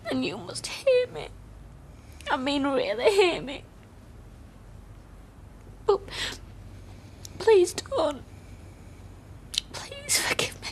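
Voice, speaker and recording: A young woman playing a distraught girlfriend, crying and pleading in hushed, broken phrases. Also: high-pitched, a little hiss or hum, heavily acted. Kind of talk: TV soap drama acting.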